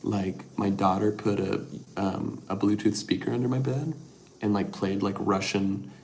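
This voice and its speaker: A middle-aged man hosting a casual livestream, reading viewer comments and rambling softly with lots of fillers. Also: lowish voice, fairly even intonation, measured pace, slight background noise. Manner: rambling, soft-spoken, with many fillers. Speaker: livestream host.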